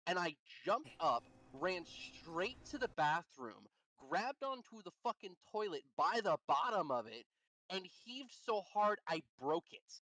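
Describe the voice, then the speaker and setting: A young man from Missouri, a streamer casually telling a story over his game, animated, swearing and laughing as he talks. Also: high voice, unhurried, no echo, rough recording. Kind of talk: casual storytelling while gaming.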